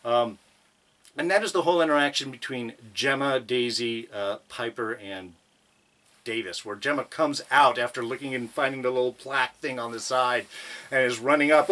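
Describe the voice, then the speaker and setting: Bright-voiced man reviewing a TV episode. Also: medium pitch, moderate pace. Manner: animated, stumbling restarts, chuckling asides. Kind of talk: enthusiastic casual review.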